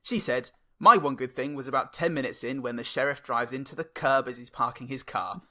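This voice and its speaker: A man co-hosting a podcast, telling dry, deadpan jokes and laughing often in casual film talk. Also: mid-range voice, fairly quick. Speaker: podcast co-host. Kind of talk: casual film-review chat.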